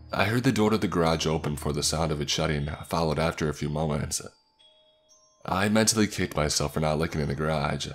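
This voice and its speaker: A man reading a horror story aloud as a scripted narration, in a measured, suspenseful way. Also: extremely low pitch.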